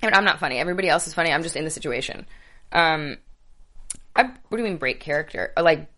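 A young actress chatting casually as an interview guest, laughing often and acting out quoted lines. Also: female voice, low-pitched, animated, fast, pushed and bright.

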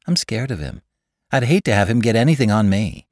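A man's voice: lowish voice, big pitch swings, a little fast, darkish tone, no echo, clean studio sound, voice pushed up. A man reading aloud, voicing a chatty, gossipy young woman in a period story.

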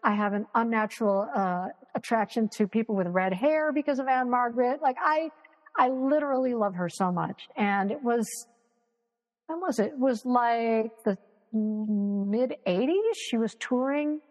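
Animated woman telling stories, slightly high. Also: normal speed, big-room sound, muffled recording. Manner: animated, acts out quoted voices, swears freely. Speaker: guest. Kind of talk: casual interview storytelling. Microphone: video call.

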